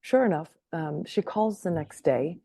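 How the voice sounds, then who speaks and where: Low-voiced woman telling a lively story. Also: unhurried, no echo. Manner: animated, laughs often, keeps checking in with "right?". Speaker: podcast guest. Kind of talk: casual storytelling in conversation.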